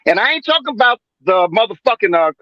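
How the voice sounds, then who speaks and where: A man's voice: sits high, sing-song, fast, dry recording, lo-fi sound. A man in his seventies hosting a boxing panel, talking in a rambling, emphatic, profane way with many fillers and restarts. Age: 70s. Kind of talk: casual profane sports debate.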